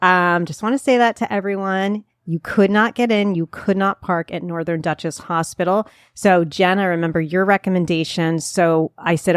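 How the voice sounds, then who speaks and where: A woman's voice: on the low side, steady tone, moderate pace, few pauses, clear, resonant tone, no room sound. Woman host, Jersey accent, middle-aged, rambling friendly podcast chatter on a dead-dry mic. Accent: New Jersey. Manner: chatty, self-deprecating, rambling asides. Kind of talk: chatty local podcast talk.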